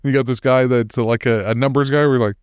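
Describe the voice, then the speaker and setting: A man's voice: mid-range voice, steady tone, quick pace, smooth, no room sound, studio quality. A man co-hosting a podcast, casually retelling a comic story, laughing often as he quotes the characters. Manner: laughs often while retelling, mimics characters' lines loosely. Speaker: podcast co-host.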